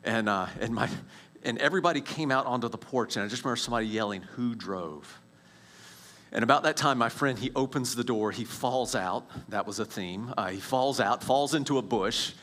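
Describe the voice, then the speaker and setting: A man's voice: mid-range voice, brisk. Man telling his testimony. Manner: animated storytelling with restarts, drops to a hush at tense moments. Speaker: speaker sharing his testimony. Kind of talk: personal testimony.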